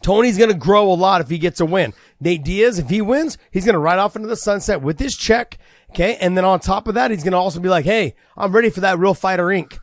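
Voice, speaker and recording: A man and former fighter co-hosting a casual podcast, excited and talking fast, acting out quoted lines. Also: high voice, no echo, clean studio sound.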